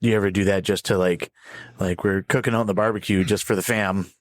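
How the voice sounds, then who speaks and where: A man with a somewhat low voice co-hosting a podcast, dropping in short affirmations and joking asides. The sound is dry, without room echo. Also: fairly even intonation, fairly quick. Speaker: podcast co-host. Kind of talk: casual chat. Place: podcast studio.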